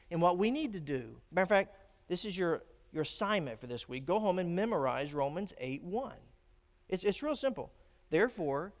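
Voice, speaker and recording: A man preaching a sermon, swinging from emphatic declarations to hushed, grave warnings. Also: fairly high pitch. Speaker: pastor. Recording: long reverb of a church hall.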